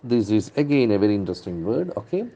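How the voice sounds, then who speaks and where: A middle-aged man leads an English lesson, going through newspaper words and repeating each one to show where the stress falls. His voice sits low and sounds dark and mellow. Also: sing-song, fast talker. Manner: drills pronunciation by repeating words with stressed syllables. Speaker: English trainer.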